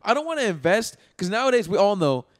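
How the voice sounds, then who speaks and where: Young man talking fast, saying bro. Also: high voice, big pitch swings. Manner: emphatic, keeps saying bro. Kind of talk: casual chat.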